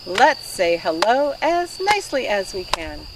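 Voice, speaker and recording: Outdoors on a farm, a children's librarian leads storytime with playful, sing-song voice games. Her slightly high voice is very animated yet measured in pace. The recording is distant and noisy, with crickets chirping.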